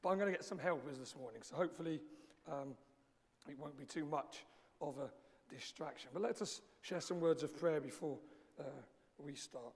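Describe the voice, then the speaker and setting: A man with a slightly croaky voice preaching a sermon in a conversational, unhurried way, pausing often with small fillers. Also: fairly high pitch. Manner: measured, conversational preaching with frequent pauses and fillers. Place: church sanctuary, live-streamed service. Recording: long reverb of a large hall.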